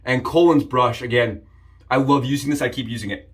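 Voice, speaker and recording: A man hosting a casual shaving vlog, upbeat and jokey, rambling with frequent restarts and sudden excited jumps in pitch. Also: moderate pace. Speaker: shaving channel host. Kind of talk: casual shave demonstration vlog.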